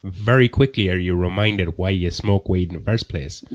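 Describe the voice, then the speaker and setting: A low-voiced man with an Irish accent, talking in a loose, rambling way and swearing freely. His voice comes through muffled, like audio from an online call. He sounds unhurried as he chats with a livestream panel. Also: noisy background. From Ireland. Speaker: panel guest. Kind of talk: casual chat on a livestream panel.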